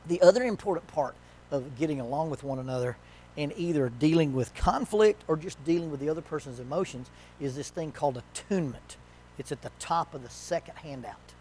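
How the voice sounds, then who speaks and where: A man with a slightly higher-pitched voice leads a church marriage workshop in a relaxed, conversational way. He is folksy and joking, and he drops into quick acted quotes. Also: a little hiss or hum.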